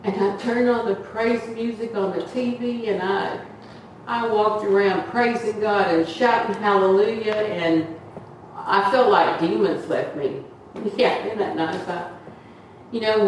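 A woman's voice: mid-range voice, a little mellow. An older woman giving an earnest, rambling testimony in a church meeting, acting out the voices she quotes. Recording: very echoey room, from far off, faint noise.

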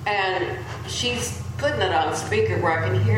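In an echoey church hall with background noise, a woman preaches a sermon built around a personal story. Her mid-range voice carries folksy tales, and she repeats her points slowly for emphasis.

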